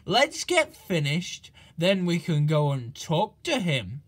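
A friendly, encouraging train driver with a plain, easy manner, as a man puts him on. The voice is slow and fairly high for a man. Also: wildly swooping pitch, a bit bright, slightly rough, full character voice. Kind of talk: storybook character voice.

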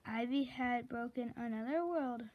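A woman slowly reading a children's chapter book aloud, correcting herself and pausing to chat about the pictures. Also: on the high side, muffled recording. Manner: slow, careful read-aloud with self-corrections; chatty asides about the pictures. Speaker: reader.

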